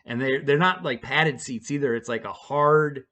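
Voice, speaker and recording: A man casually telling a personal story to camera, rambling and self-deprecating with halting restarts. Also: mid-range voice, a bit bright.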